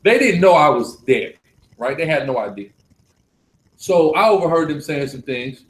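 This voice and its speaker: A man leading a live religious class, preaching forcefully and repeating points for emphasis. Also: on the high side, big pitch swings, normal speed, reverberant, rough recording.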